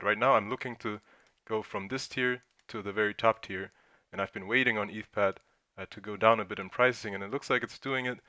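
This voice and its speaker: A man's voice: on the low side, bright, forceful tone, no echo. A man chatting casually on a live stream, thinking aloud with restarts as he points at a chart.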